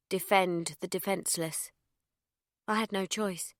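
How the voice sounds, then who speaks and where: A young woman narrating an audiobook in the first person, delivering dark, comic asides with a deadpan manner. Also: fairly low pitch, normal speed, dry recording. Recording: dry close studio sound.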